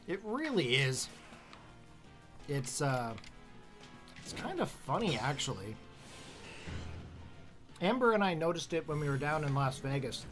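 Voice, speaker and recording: A Canadian man with a somewhat high voice chats casually while streaming a game live. He rambles in a friendly, self-deprecating way and laughs often, with faint game music under him. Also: very animated, measured pace, pauses often, a bit bright. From Canada, northern New Brunswick.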